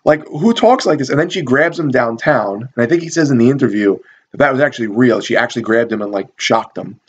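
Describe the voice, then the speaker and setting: A man's voice: medium pitch, expressive, fast talker, breathy edge, lo-fi sound. A man casually reviewing a cult movie, rambling and swearing with lots of fillers and amused asides. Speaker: video reviewer.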